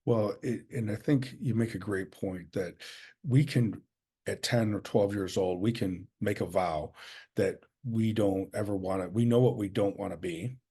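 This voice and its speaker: A man hosting a podcast interview, thoughtful and affirming, speaking with halting fillers. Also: fairly low pitch, warm tone, husky. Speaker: podcast host.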